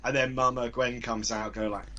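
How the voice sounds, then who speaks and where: A man co-hosting a casual chat, giggly and spinning absurd dark jokes. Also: medium pitch, little pitch movement, moderate pace, lo-fi sound. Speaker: co-host.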